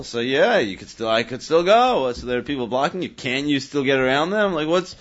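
Male Talmud teacher, animated, mid-pitched voice, slightly dull lo-fi recording. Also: fast, few pauses. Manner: animated, questioning, thinks aloud with many restarts. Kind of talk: Talmud study discussion.

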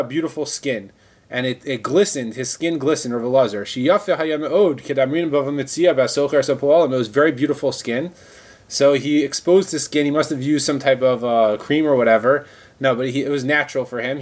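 A man leads a Talmud class, reading each line aloud before explaining it in everyday words. His pitch sits in a plain middle range, and he often restarts a phrase as he thinks it through. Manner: reads the text, then explains it in plain conversational words, with restarts. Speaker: Talmud teacher. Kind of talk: Talmud lesson, reading and translating.

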